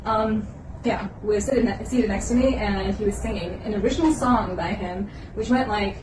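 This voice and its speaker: A woman's voice: mid-range voice, normal speed. A woman talking in a casual, rambling monologue, often laughing and acting out what others said. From South Asian family. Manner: laughs often, acts out quotes. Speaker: podcast host. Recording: roomy, distant, noisy.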